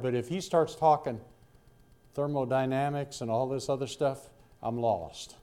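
A man's voice: medium pitch, measured pace, darkish tone. An older man preaching a Bible-study sermon in a folksy, rambling way, with asides to his listeners.

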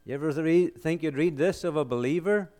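A man with a slightly high voice preaches briskly, raising rhetorical questions and answering them emphatically. His delivery swings between loud exclamations and soft, solemn lines.

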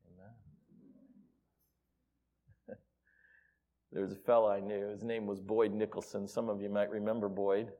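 A man preaching a sermon in a church, swinging from quiet asides to loud exclamations. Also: fairly low pitch, little pitch movement, unhurried, long pauses. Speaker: pastor. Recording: reverberant hall.

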